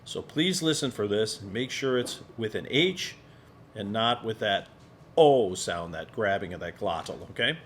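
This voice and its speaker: A man leading a singing warm-up lesson as a voice teacher, calm and encouraging. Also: on the low side, normal speed, a little hiss or hum. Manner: calm, encouraging instructor, demonstrates sung vowels. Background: piano accompaniment.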